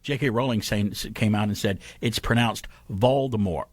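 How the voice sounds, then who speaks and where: A man's voice: on the low side, steady tone, brisk, no room sound. A middle-aged man hosting a radio show, bantering casually, joking and rambling as he goes. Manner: joking, rambling, laughs often. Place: radio studio.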